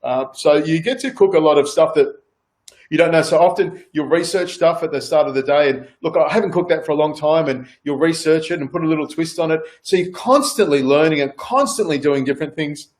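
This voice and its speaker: Rambling Australian man, fairly high voice. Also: fairly quick. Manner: rambling, repeats words, many fillers. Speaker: celebrity chef guest. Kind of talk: casual chat on a video call.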